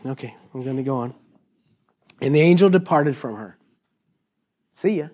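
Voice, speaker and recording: A middle-aged man preaching a sermon to a congregation, animated and joking, acting out quotes in high voices. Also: normal speed. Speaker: pastor.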